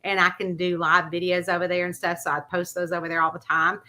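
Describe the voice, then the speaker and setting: Woman, mystery author, casual vlog chat, animated storytelling, bright tone. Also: fairly low pitch, quick pace. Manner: animated storyteller who acts out the voices in her anecdotes.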